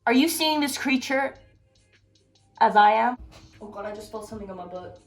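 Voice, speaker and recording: A young woman vlogging at home in a blunt, profane, animated rant, recorded from a distance with background music. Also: a little high, moderate pace. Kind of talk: casual rant to camera. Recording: roomy, distant from mic, music behind.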